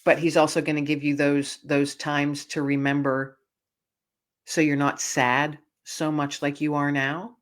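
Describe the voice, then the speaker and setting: A woman guest telling a personal story in an interview, animated, laughing often, with frequent restarts and fillers. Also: low voice, measured pace. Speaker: guest author.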